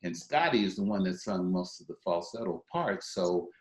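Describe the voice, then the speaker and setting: A man's voice: deep voice, animated, normal speed, echoey room. An older man, a singer, talking about his group in an interview, reflective and full of fillers. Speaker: guest singer. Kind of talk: interview conversation.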